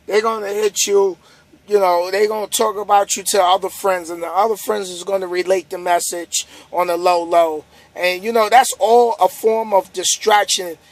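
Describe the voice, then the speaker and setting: A man's voice: sits high, dry recording. A tired man, a trucker vlogger, giving a casual, repetitive motivational monologue to the camera. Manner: casual, repetitive, preachy, building up emphasis. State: tired, yawning.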